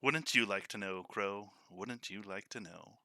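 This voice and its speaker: A man's voice: on the low side, unhurried, bright, forceful tone, no room sound, clean studio sound, full character voice. A man voicing a mocking male ship's first mate in a tabletop game, speaking in a sly, teasing way.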